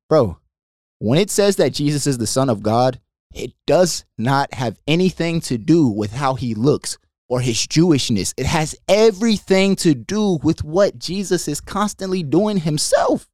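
A young adult man co-hosting a faith podcast, animated and preachy, calling his partner "bro" again and again. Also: fairly high pitch, a little slow, no room sound, studio quality. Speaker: podcast co-host. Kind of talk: passionate faith discussion.

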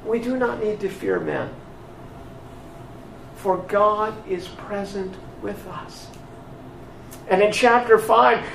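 Slow, gravelly-voiced preacher in echoey room. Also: male voice, sits high, fairly bright tone, recorded from a distance, slight background noise. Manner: slow, emphatic storytelling with voiced dialogue. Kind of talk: sermon. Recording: echoey room picked up from afar.

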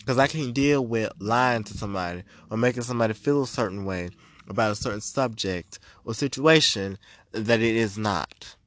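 A man's voice: on the low side, normal speed, a bit bright, no room sound. A man hosting a podcast as a spiritual reader, delivering a blunt, profane, emphatic rant. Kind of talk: ranting podcast monologue.

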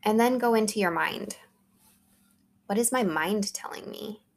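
Mom podcast host in her 30s, gravelly edge, chatty coaching tone. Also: medium pitch, a little slow. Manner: earnest and conversational, coaching listeners directly. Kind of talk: solo podcast talk, motivational.

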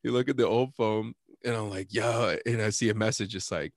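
A man's voice: on the low side, brisk, dry recording, clean studio sound. Laid-back slangy young man telling a story. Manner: laid-back slangy storyteller, laughs often, acts out both sides of the exchange. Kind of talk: casual storytelling chat.

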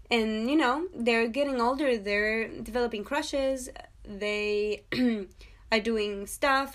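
A woman in her twenties hosting her own podcast, chatting excitedly and jokily about a TV episode and talking straight to her listeners. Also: on the high side. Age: 20s. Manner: chatty, excitable, jokey, talks to listeners directly. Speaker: podcast host. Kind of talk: casual TV episode review.

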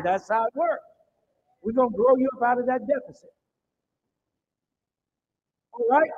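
A male pastor preaches an emphatic sermon in church, urging the congregation to call back in response. His voice is high, and the dull, muffled recording carries a slight hiss or hum.

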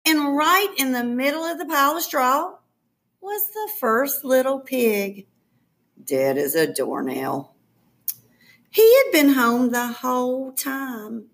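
Woman reading a kids' story out loud, high voice, slow and unhurried, playful. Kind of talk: children's story read aloud.

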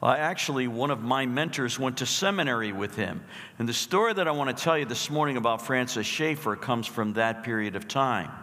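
A man's voice: mid-range voice, fairly bright tone. A middle-aged pastor preaches with a mid-range voice, telling a story with emphasis and animation. His voice rings with long reverb through a church sanctuary. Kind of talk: sermon.

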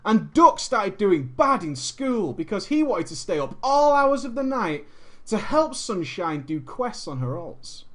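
A man casually telling a story to a live chat, animated and profane, laughing often and switching between loud bursts and muttered asides. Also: a little high. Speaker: streamer telling a gaming story.

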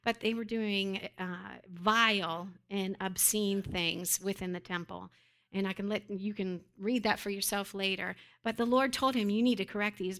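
Bright, high-voiced woman preaching. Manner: emphatic, repetitive exhortations. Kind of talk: sermon teaching.

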